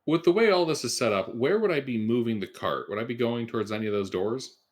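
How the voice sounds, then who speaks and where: A man's voice: medium pitch, animated, quick pace. A man playing a tabletop game, describing his character's actions in a hesitant way and repeating himself. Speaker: player.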